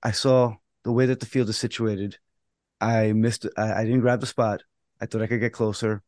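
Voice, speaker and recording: A man's voice: on the low side, moderate pace, no room sound. A man co-hosts a casual podcast and tells his umpiring stories with energy, acting out both sides of each argument. He swears now and then without thinking about it. The sound is dry and close, with no room around him. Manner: animated storytelling, acts out both sides of quarrels.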